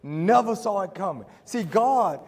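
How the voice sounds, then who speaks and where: A middle-aged man preaching a sermon, telling a story and acting out the dialogue before building to shouts. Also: sits high, animated, unhurried, husky. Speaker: pastor. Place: church sanctuary. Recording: church hall with long reverb.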